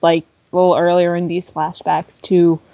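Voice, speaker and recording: A woman's voice: lowish voice, flat delivery, normal speed, creaky, no room sound, highs cut off. A woman on a podcast panel, sharing what she found interesting. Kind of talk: casual panel chat.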